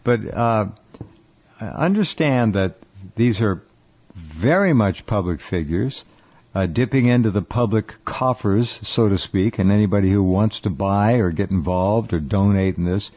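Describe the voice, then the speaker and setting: A man's voice: on the low side, animated, darkish tone. Man hosting a lo-fi radio talk show. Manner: halting, restarts often, emphatic. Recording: dull lo-fi radio sound.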